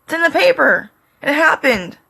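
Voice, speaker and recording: A middle-aged woman vlogging straight to camera, tearful, pleading and defiant, speaking in short halting fragments. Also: high voice, animated, vocal fry, sharp tone. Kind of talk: emotional direct-to-camera monologue.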